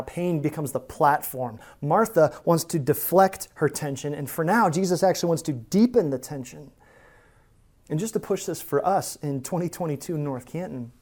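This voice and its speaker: A man's voice: fairly high pitch, darkish tone. A man preaching a sermon as pastor, emphatic and conversational, with casual asides.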